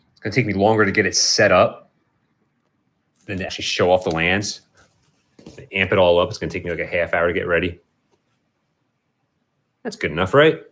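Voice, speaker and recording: A man's voice: deep voice, fairly bright tone. A man hosting a casual livestream, rambling and restarting as he chats with viewers and his cat. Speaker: livestream host.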